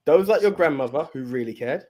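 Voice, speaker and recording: A man's voice: on the high side, animated, moderate pace, a little mellow. A man co-hosting a podcast, talking earnestly and at length, often repeating and restarting his phrases. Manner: earnest, rambling, repeats himself. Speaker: podcast co-host. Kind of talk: casual podcast chat.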